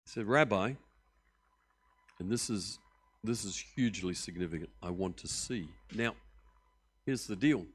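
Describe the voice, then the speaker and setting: Animated pastor preaching. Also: male voice, on the low side, a little slow, pauses often, husky. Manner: animated storytelling, acting out voices with big swings in loudness. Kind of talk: sermon.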